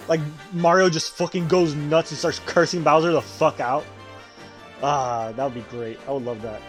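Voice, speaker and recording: A man streaming a video game, giving casual commentary full of swearing and animated rants. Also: on the high side, moderate pace, soft background music.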